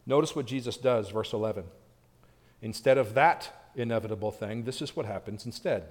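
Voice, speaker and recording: A man preaching a sermon as pastor, animated, acting out the quoted pleas with a raised voice. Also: on the low side, brisk. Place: church sanctuary. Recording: long church reverb.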